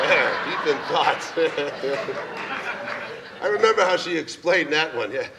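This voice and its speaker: A man with an animated, mid-range voice and measured pace performs an emotional personal monologue in a theater, punctuated by chuckles. It's recorded from a distance, with faint ambience and a noisy background.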